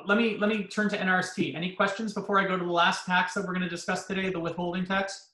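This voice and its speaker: In an echoey room, a male lawyer lectures real estate agents, asking his own questions and answering them. His high-pitched voice is fast, pushed and bright, with little movement in pitch.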